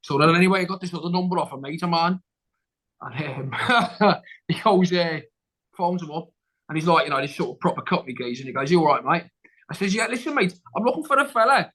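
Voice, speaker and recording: A man's voice: a little high, lively intonation, brisk, fairly bright tone, low-quality recording. A man, a guest actor on a podcast, telling a long story in casual chat, rambling and restarting, acting out what people said. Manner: rambling, with many restarts and acted-out quotes.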